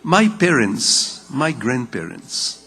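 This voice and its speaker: An older Israeli man with a Hebrew mother tongue, giving a public lecture in measured storytelling with rhetorical repetition. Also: medium pitch, very animated, bright, forceful tone, breathy edge, big-room sound. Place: large lecture hall.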